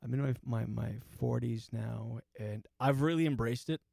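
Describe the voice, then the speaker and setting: A man's voice: mid-range voice, normal speed, vocal fry, dark tone, no echo, clean studio sound. A man in his forties hosting a podcast, telling a story casually, swearing often and laughing through it. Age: 40s. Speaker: podcast host.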